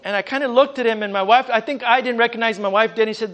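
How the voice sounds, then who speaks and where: A fervent male preacher with a notably high voice, telling testimony and calling out praise to God between sentences. He often stumbles over the first words of a phrase as he pushes on. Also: quick pace, a bit bright. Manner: repeats words at the start of phrases. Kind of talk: sermon with personal testimony. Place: church service with congregation.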